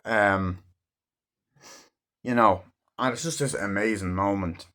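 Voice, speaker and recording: Low-voiced man ranting about films. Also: takes it slowly, fairly bright tone. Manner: rambling, swears freely, acts out scenes in raised voices. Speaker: movie reviewer. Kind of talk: casual movie review.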